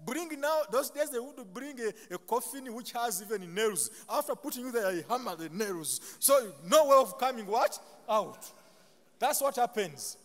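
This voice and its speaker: A high-voiced Ugandan pastor delivers a sermon, pausing mid-sentence with a questioning "what?" so the congregation can fill in the word. He mixes humorous, self-deprecating asides into his preaching. A long chapel reverb trails his voice. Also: lively intonation, fairly bright tone. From Buganda, Uganda. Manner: call-and-response, leaves sentences open for the congregation to finish.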